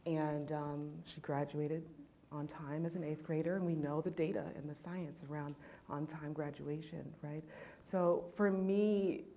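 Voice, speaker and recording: Low-voiced woman telling a heartfelt story. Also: fairly even intonation, a little slow, warm tone. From California. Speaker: panel speaker. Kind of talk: personal story on a panel.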